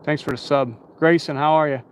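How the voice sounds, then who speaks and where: A man's voice: fairly high pitch, steady tone, a little fast, a little hiss or hum. A tired man hosting a casual live stream outdoors at night, rambling and chatting with his viewers.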